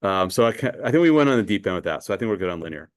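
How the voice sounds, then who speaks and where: A man's voice: low-pitched, big pitch swings, racing, smooth, dry recording, studio quality. A man teaching a math class in a conversational way, asking students questions and often repeating words. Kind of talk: classroom lecture.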